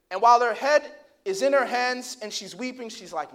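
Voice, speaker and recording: A male pastor preaching a sermon, telling a story in a low hushed voice and then rising into loud, impassioned preaching with rhetorical questions to the congregation. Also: animated, moderate pace, hardly any pauses.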